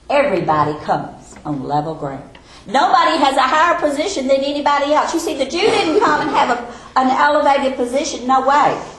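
A woman preaching an expository sermon, emphatic and slowing down on key phrases. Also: sits high, slight background noise. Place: church or classroom with a board. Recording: echoey room with faint ambience.

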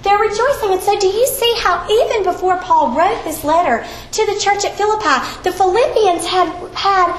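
A woman teaching a women's Bible study, telling the story with animated flair and then leading a prayer in a church room. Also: very high-pitched. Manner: animated storytelling, acts out quoted voices. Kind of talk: Bible lesson and closing prayer. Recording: echoey room with faint background noise.

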